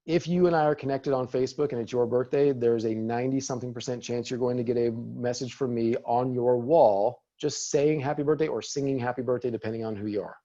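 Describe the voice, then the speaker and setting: A real estate team leader runs a casual video training webinar, talking to attendees in the chat about using video in business. He sounds upbeat and encouraging, with a medium-pitched, steady, dark voice that moves a little fast and barely pauses. The audio has its highs cut off.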